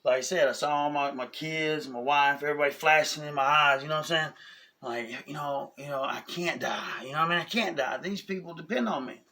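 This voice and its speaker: A man, telling a personal story in a casual, animated way, often asking "you know what I'm saying?". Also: fairly high pitch, fairly quick. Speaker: vlogger.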